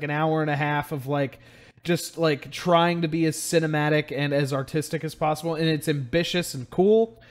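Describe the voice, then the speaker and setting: A young man hosting a podcast, chatting casually about games in a relaxed, rambling way full of fillers. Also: on the high side. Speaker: podcast host. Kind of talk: casual chat.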